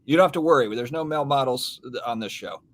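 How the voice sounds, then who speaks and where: Male host, casual stream chat, relaxed and rambling, mid pitch. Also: fast. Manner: laid-back, rambling, reads out viewer comments. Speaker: podcast host.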